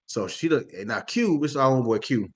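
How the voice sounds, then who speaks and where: This guy spins a yarn during laid-back podcast banter, swearing freely, full of energy, and voicing each character himself. He sits at a medium pitch and talks fairly quickly.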